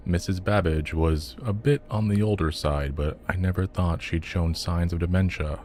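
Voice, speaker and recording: A man narrating a scripted horror story in a calm, measured way. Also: rumbling low, slight background noise. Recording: soft music under the voice.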